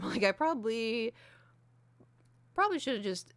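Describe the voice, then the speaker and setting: A woman's voice: a little high, animated, normal speed, smooth, dry recording. A young adult woman streaming, chatting candidly and self-deprecatingly with lots of fillers. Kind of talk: casual chat. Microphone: desk mic with ring light.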